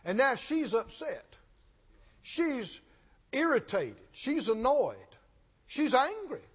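A man preaching a sermon, telling a story and then pressing his point with slow, emphatic, rising intensity. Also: extremely high pitch, big pitch swings, breathy edge. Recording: dull lo-fi sound in a long-reverb hall.

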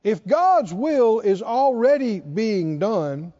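High-voiced preacher in an echoey hall. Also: male voice, big pitch swings, slow pace, mellow. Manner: call-and-response preaching, asks the congregation to answer. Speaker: pastor. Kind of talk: sermon. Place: church sanctuary. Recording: echoey hall, dull lo-fi sound.

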